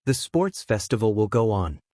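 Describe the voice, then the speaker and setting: A man's voice: lowish voice, very animated, normal speed, dark tone, no echo, studio quality. A man reading a fan story, voicing a stern adult male teacher making a formal announcement to a class.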